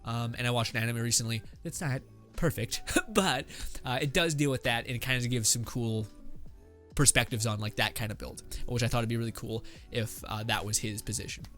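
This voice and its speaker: Speaking fairly fast in a medium pitch with a fairly bright tone, this male podcast host brainstorms a story off the cuff. His delivery wanders, full of filler words and curses, as he reasons aloud over faint background music.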